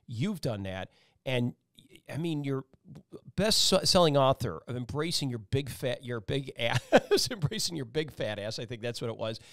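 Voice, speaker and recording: A man's voice: medium pitch, expressive, normal speed, fairly bright tone, dry recording, clean studio sound. A man hosting a casual talk-show interview, rambling and emphatic, with many restarts. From Italian-American family. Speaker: talk show host and meteorologist.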